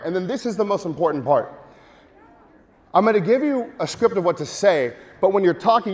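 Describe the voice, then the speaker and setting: A man giving a lively marketing seminar to a live audience, joking and urging the crowd to take part. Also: high-pitched. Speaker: speaker at a marketing event. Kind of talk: energetic live seminar talk. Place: large hall with audience. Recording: long hall reverb.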